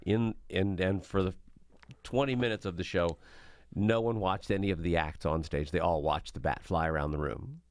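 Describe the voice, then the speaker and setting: A man co-hosting a podcast, telling stories in an animated way and laughing easily. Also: low-pitched, normal speed, no room sound. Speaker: co-host. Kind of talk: casual chat.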